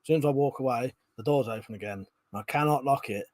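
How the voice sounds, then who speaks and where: A man's voice: mid-range voice, fast talker, darkish tone, dry recording. A man hosting a live stream, chatting casually and reading out viewer comments, laughing often and swearing freely.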